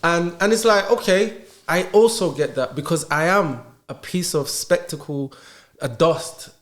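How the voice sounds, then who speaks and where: A man's voice: on the high side, unhurried. A man, a podcast guest in casual chat, earnest and asking himself rhetorical questions. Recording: roomy echo.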